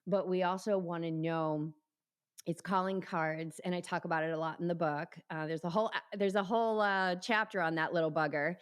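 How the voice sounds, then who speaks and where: Woman, middle-aged, interview guest, animated, acts out quotes, slightly low voice. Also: fairly quick, clean tone. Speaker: guest, yoga teacher and triathlete. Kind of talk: casual interview conversation.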